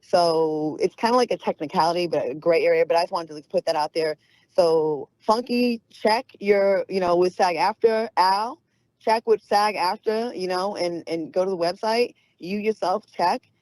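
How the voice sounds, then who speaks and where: A woman's voice: on the low side, moderate pace, a little mellow, no room sound, poor audio. A woman chatting casually as a guest on a call, rambling through her points. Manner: rambling, full of fillers and restarts. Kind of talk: casual chat.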